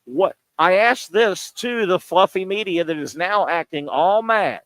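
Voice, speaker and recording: A man's voice: high-pitched, lively intonation, measured pace, a bit bright, no room sound. A man hosting a sports talk show, ranting combatively with pointed rhetorical questions, broadcasting from a bar and grill. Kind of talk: sports talk radio rant.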